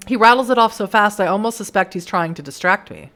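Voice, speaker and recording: A hoarse woman streamer reading a story game aloud and chatting along. Her pitch is lively and bouncy, and her delivery is animated and playful. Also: a little fast, hardly any pauses, soft background music. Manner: animated, laughs between lines.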